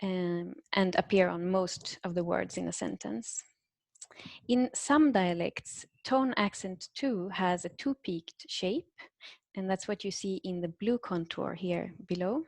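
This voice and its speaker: Woman, from Sweden, academic lecture, low-pitched, dry recording, methodical. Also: vocal fry, a little mellow, no echo. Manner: measured, methodical explaining with fillers. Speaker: guest lecturer.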